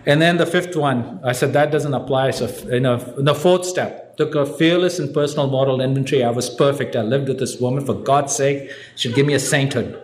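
An older man telling a humorous personal story at a recovery meeting, wry and self-mocking, with deadpan punchlines. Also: medium pitch, a little fast, hardly any pauses. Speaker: speaker sharing his story at a recovery meeting. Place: meeting hall with a live audience. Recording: echoey hall, faint background hum.

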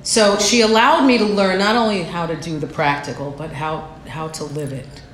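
A woman's voice: on the low side, steady tone, moderate pace. Candid woman sharing her recovery story. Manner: candid, self-deprecating storytelling. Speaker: speaker sharing at a recovery meeting. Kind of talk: personal recovery share. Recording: echoey room, faint background noise.

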